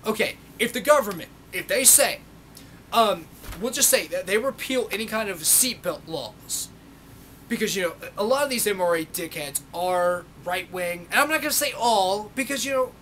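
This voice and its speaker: A man's voice: high-pitched, lively intonation, moderate pace, a bit bright, a little hiss or hum. A young man delivering a sarcastic, profane ranting monologue to his camera, mocking people in put-on voices. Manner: sarcastic, swears constantly, mocks others in put-on voices. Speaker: video blogger.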